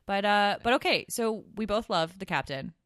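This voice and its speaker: A woman co-hosting a podcast, chatting casually and animatedly, with quick asides and laughs. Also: medium pitch, expressive, a bit bright, no echo, clean studio sound. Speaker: podcast co-host. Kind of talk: casual chat.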